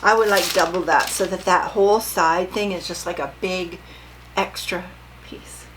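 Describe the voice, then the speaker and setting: A woman's voice: lowish voice, steady tone, moderate pace, a bit bright, a little hiss or hum, low-quality recording. An older woman vlogging casually about her sewing, chatty and rambling, often asking her viewers questions.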